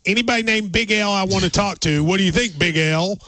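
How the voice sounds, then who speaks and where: A man hosting a sports call-in radio show, chatty and quick with jokes and asides. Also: high voice, pushed and bright, no room sound. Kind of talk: casual radio call-in chat.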